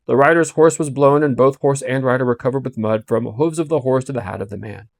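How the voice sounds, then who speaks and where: A man reading a classic novel aloud with expressive storytelling. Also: mid-range voice, fast talker, gravelly, dry recording, studio quality. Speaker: audiobook reader.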